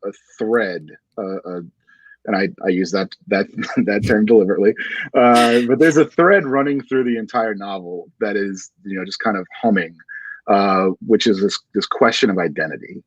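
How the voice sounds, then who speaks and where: A man interviewing an author in a livestreamed bookshop conversation, asking a long-winded, halting question. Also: fairly low pitch, slightly rough, dry recording, poor audio.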